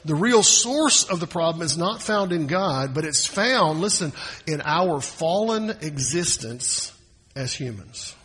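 Male pastor, husky and a touch high, emphatic sermon delivery, reverberant church hall. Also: animated, a little slow, a bit bright. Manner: emphatic, repeats key phrases.

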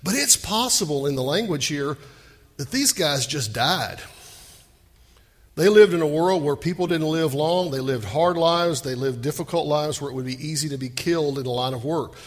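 Husky preacher with a drawl. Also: male voice, a little high, moderate pace. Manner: conversational preaching with rhetorical questions to the congregation. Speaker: pastor. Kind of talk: sermon. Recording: long reverb of a hall.

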